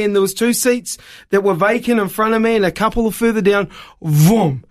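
High-voiced New man telling a story. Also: moderate pace. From New Zealand. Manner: animated storyteller, voice climbing high when excited. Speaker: evangelist guest. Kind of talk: storytelling on a radio show.

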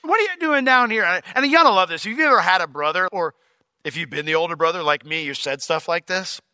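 A man pastor teaching a verse-by-verse sermon in a conversational, animated way, acting out quotes with sudden jumps in pitch. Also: quick pace, no room sound, studio quality.

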